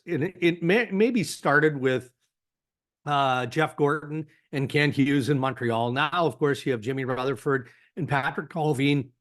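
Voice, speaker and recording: A man with a Canadian accent, a hockey insider guest on a podcast, speaking in a measured, analytical way with frequent "you know" fillers. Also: a little high, a bit bright. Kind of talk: podcast interview.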